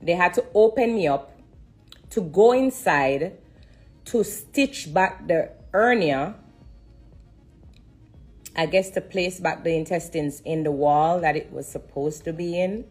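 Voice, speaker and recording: Low, husky woman testifying. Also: a little mellow, soft background music. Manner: emotional, fighting back tears, pausing to breathe; religious, repetitive phrasing. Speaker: live streamer sharing her story. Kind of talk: emotional live-stream testimony.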